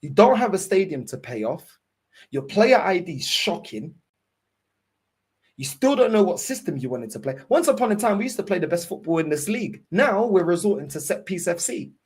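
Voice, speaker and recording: A furious football fan host, on a heated rant straight to camera. The voice leaps up and down wildly and sounds somewhat husky. Points get hammered home again and again, with plenty of swearing. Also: mid-range voice, big pitch swings, moderate pace.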